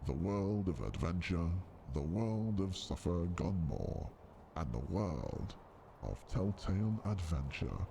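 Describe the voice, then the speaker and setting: A man voicing a deep, calm male storyteller narrator, slow and measured. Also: vocal fry, a little hiss or hum, heavily acted. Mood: narrating.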